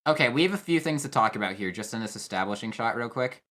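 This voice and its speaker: With faint music in the background, a young competitive player chats casually over a game trailer, thinking aloud with fillers and restarts. He talks fast, in a fairly bright mid-range voice with lively intonation.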